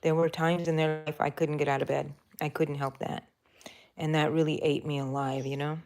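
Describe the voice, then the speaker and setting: A woman's voice: low voice, little pitch movement, normal speed, darkish tone. An older woman hosting a home craft livestream, chatting in a rambling, casual way and answering her viewers. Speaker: crochet livestream host. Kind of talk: casual chat while crocheting.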